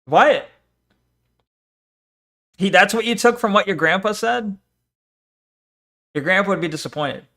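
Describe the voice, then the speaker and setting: A man's voice: sits high, expressive, measured pace, pauses often, sharp tone. A man streaming, reacting to a video with profane, mocking rants. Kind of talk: casual reaction commentary.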